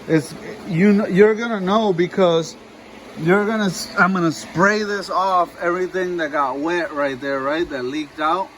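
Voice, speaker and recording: A man's voice: high voice, steady tone, measured pace, fairly bright tone, slight background noise, low-quality recording. A man explaining a car job in a rambling, chatty way, talking straight to his viewers. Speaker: mechanic vlogger. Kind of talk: casual how-to narration.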